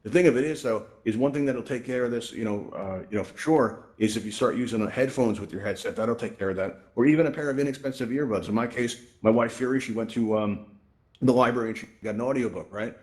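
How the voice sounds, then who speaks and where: A man's voice: mid-range voice, fast talker, darkish tone. A man hosting a virtual reality tutorial event, talking casually and often tagging his sentences with "right?" and "you know", into a headset microphone. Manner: chatty, tags lines with "right?" and "you know". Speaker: host presenting a VR tutorial event. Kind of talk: casual spoken presentation.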